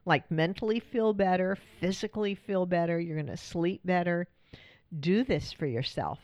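A woman's voice: on the low side, expressive, normal speed, no room sound, clean studio sound. A woman hosting a podcast as a coach, talking in a chatty, friendly way and laughing often. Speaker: podcast host and widow coach. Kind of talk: casual podcast monologue.

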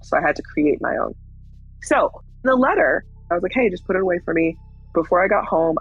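A woman's voice: on the low side, gravelly, husky, dry recording, highs cut off. A woman in her thirties telling her own story in a frank, candid way, blunt and swearing at times. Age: 30s. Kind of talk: personal storytelling.

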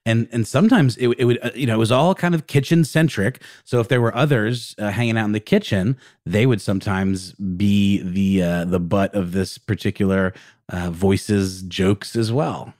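A man's voice: fairly low pitch, normal speed, a little mellow, no echo, studio quality. A man co-hosting a podcast, telling a story in casual chat with lots of fillers and restarts. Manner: rambling, many fillers and restarts. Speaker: podcast co-host.

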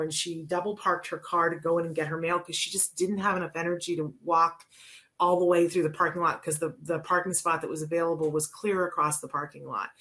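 Woman, talk-show host, low-pitched voice, chatty, rambling, casual. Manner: chatty, rambling, warm asides and self-corrections.

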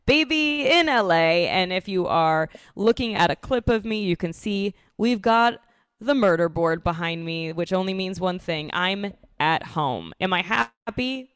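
A young woman hosts a true crime podcast from her apartment living room, chatting casually and telling stories animatedly with frequent laughter. Her voice is on the low side and measured in pace, with clean studio sound and no room sound.

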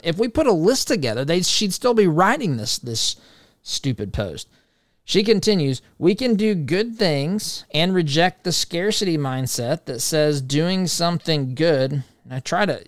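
A man's voice: fairly high pitch, no room sound, studio quality. A man hosting a talk show, giving opinionated political commentary in a conversational way and addressing listeners as his friends.

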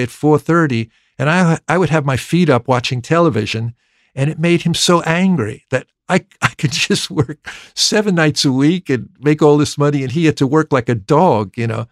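An older man, a record producer telling stories from his youth in an interview, with many halting restarts. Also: a little high, no room sound, clean studio sound. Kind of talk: storytelling interview.

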